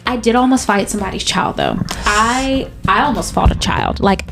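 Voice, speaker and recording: Woman cohost gossiping, cussing a lot, animated storyteller, mid pitch. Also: normal speed, gravelly, over music. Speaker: podcast co-host. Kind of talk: casual chat.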